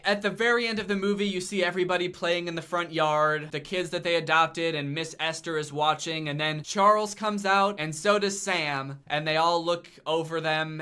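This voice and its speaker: A man's voice: fairly high pitch, bright, forceful tone. A young man giving comedic movie commentary with sarcastic, exasperated jokes. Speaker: commentary host.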